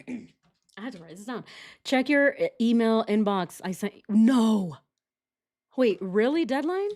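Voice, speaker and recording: A woman's voice: lowish voice, animated, normal speed, a little mellow. Sarcastic giggly woman streamer. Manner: sarcastic, giggly, talks to chat. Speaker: true crime livestream host. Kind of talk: casual reactive commentary.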